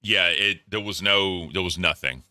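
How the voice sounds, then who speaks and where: Blunt deep-voiced man, bright and dry. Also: normal speed, no echo. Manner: blunt, profane, repetitive. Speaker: co-host. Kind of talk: casual commentary chat.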